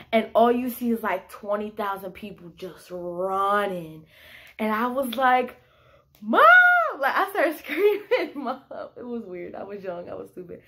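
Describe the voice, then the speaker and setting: A young woman vlogging a casual storytime, talking animatedly with lots of filler words and quoting herself. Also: mid-range voice. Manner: animated, quotes herself in bursts; heavy use of "like" fillers.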